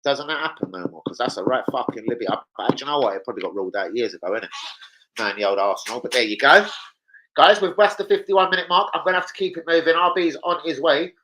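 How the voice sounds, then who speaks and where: A man's voice: mid-range voice, animated, fast, a bit bright, a little hiss or hum, rough recording. A young man with a London accent hosting a casual livestream, swearing freely in laddish banter. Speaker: livestream host. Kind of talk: casual live chat reading comments. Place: home, indoors.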